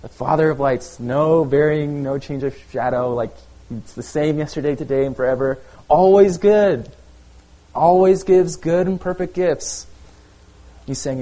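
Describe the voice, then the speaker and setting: A man preaching a sermon in a relaxed, conversational way, often checking in with "okay?" and using "like". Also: a little high, a little slow, rough recording. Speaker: pastor.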